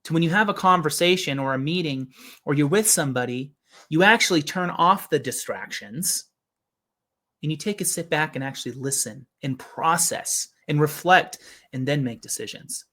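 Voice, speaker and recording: A man's voice: fairly high pitch, expressive, normal speed, sharp tone. A man giving an earnest motivational talk as a business coach, often asking rhetorical questions.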